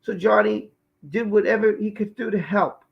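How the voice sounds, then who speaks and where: Gravelly high-voiced man, emphatic live-stream commentator. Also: fairly even intonation, normal speed, lo-fi sound. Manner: emphatic, repeats key phrases.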